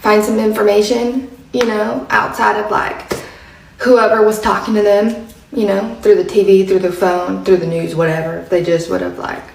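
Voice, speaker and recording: A woman's voice: mid-range voice, fairly even intonation, normal speed, vocal fry, a little mellow, reverberant, recorded from a distance, a little hiss or hum, low-quality recording. A woman casually retelling a conversation, chatty, dropping to near whispers when she quotes someone. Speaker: political commentator. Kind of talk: casual storytelling monologue.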